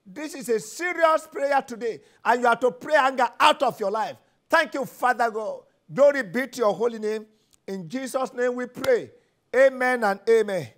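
Fervent high-voiced Nigerian pastor. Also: male voice, normal speed. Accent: Nigerian English. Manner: fervent, repetitive commands, rising to shouts. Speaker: pastor leading prayer. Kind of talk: sermon and prayer session.

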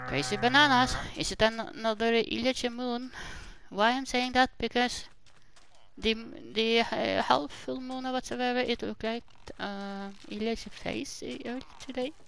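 A woman's voice: on the high side, steady tone, normal speed, creaky, noisy background. A woman hosting casual gameplay commentary, chatty and exclaiming, talking back to the characters on her screen. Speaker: gaming channel host.

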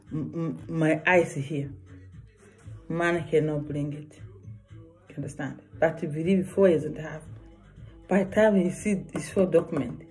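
Slow, earnest woman vlogger. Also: sits low, a little mellow. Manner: earnest, repetitive, broken English. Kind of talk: personal warning vlog.

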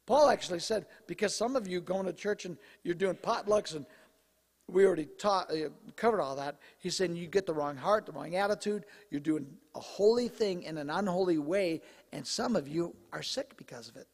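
Male pastor, sermon, high voice, slightly hoarse, chatty and animated, long church-hall reverb. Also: moderate pace. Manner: conversational, animated preaching. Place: church sanctuary.

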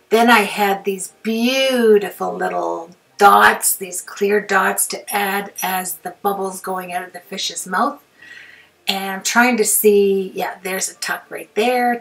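A woman's voice: mid-range voice, fairly bright tone. A woman hosting a craft tutorial, chatting casually, rambling and talking to herself as she works, with frequent laughs. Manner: rambling, talks to herself while working, laughs often. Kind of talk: chatty hands-on craft demonstration. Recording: voice a bit far from the mic.

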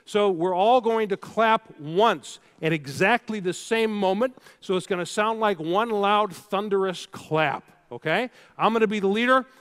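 A middle-aged man giving a keynote speech to a live audience, telling stories and talking straight to the crowd. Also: sits high. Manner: storytelling, animated, addresses the crowd directly. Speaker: keynote speaker. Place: large hall with live audience.

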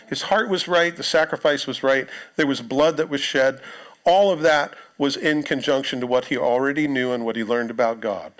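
A pastor, preaching a sermon in a conversational way, with joking asides to the congregation. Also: male voice, mid-range voice, moderate pace. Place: church sanctuary.

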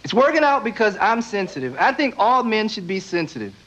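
A young man doing a stand-up comedy routine on a TV stage, with deadpan asides and quick silly voices. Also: high-pitched, very noisy. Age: young adult. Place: TV studio stage before live audience. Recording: dull VHS broadcast audio with loud audience.

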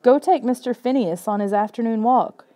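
A woman's voice: fairly high pitch, moderate pace, mellow, voice pushed up, natural voice. A woman voicing a bossy girl who scolds her brother in a storybook reading. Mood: scolding. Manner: bossy, lecturing. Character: scolding girl, the narrator's sister.

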